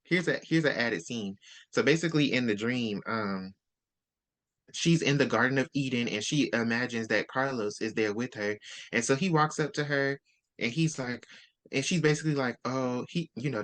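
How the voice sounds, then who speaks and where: A man's voice: mid-range voice, normal speed, fairly bright tone. A man in casual chat, animatedly retelling a book's plot and acting out the characters' lines. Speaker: book-swap co-host. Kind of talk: casual book discussion.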